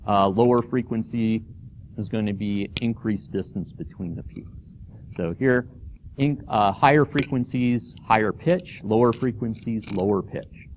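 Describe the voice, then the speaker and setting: A man's voice: mid-range voice, a little mellow, dull audio, slight background noise. A man teaching a college anatomy and physiology class, informal and checking in with students as he explains. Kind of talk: classroom lecture. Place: lecture hall.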